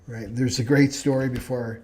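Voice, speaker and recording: A man's voice: medium pitch, flat delivery, normal speed, a little mellow. Man, astrology teacher, live class, earnest, spiritual tone, checks in with listeners. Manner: earnest, keeps asking "right?". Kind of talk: live online class talk.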